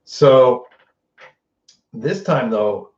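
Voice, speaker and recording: Speaking extremely slowly in a mid-range voice, a male host casually recaps a TV episode with spoilers, cursing freely and animatedly performing the characters' quotes. It's captured on a distant, roomy, dull lo-fi mic.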